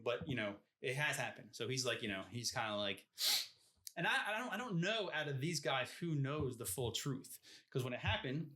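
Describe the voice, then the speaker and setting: A man talks through a book on a casual podcast, his voice bright and forceful. He rambles and restarts, throwing in "you know what I mean?" as he goes. His pitch sits in a middle range for a man. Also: lively intonation, brisk. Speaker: podcast co-host. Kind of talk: casual book discussion chat.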